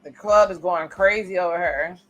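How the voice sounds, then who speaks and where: Faint music plays behind a woman with a lowish voice who speaks at a normal speed. Hosting a reaction video, she chats casually about a TV episode as she watches, describing scenes and voicing her reactions.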